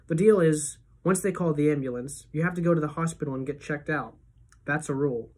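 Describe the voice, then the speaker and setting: A woman teacher reading a novel aloud to her class as a first-person narrator, steady and expressive. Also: sits low, fairly quick, breathy edge.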